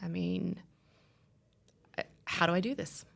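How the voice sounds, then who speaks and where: A woman in her thirties shares a personal testimony in a low voice with a gravelly edge. She tells it with animation and slips into the voices of the people in her story. Her delivery is emotional and heartfelt. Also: unhurried, a bit bright. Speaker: guest sharing her story.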